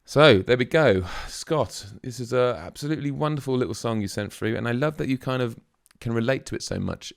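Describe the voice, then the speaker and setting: A man's voice: lowish voice, vocal fry, no room sound, clean studio sound. A man hosting a music reaction video, musing aloud in a casual, chatty way with plenty of fillers.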